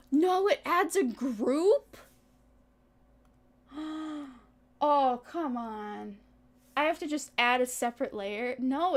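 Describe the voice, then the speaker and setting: A young woman streaming as a VTuber, rambling in casual chat to her viewers with exasperated asides and frequent laughs. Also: high voice.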